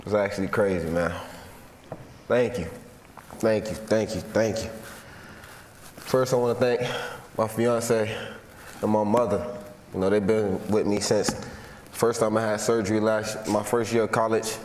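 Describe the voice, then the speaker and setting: A man in his twenties from Florida, giving an award acceptance speech from a stage in a large hall, heartfelt and halting, repeating himself as he holds back emotion. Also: fairly low pitch, fairly even intonation, a little mellow. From Florida, USA. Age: 20s. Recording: echoey hall with long reverb and faint noise.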